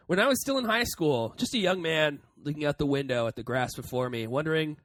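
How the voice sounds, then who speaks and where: A man's voice: fairly high pitch, expressive, brisk, hardly any pauses, fairly bright tone, dry recording. A young man co-hosting a podcast in casual chat, with wry, playful banter. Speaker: podcast co-host.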